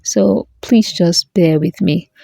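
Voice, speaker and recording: A woman's voice: on the low side, slow pace, vocal fry, dark tone, no echo, clean studio sound. A woman hosting a beading tutorial, chatty and playful, talking straight to her viewers as she works. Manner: playful, talks straight to viewers, jokes and self-corrects.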